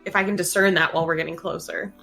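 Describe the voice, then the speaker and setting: A woman playing a tabletop role-play game, talking quickly, eager and apologetic. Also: on the low side, fairly even intonation, gravelly, sharp tone, soft background music. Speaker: player.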